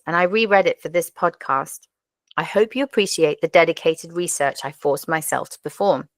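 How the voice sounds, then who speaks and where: A woman's voice: on the low side, no room sound. A woman hosting a podcast, reviewing crime novels in a wry, self-deprecating scripted talk. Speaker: podcast host.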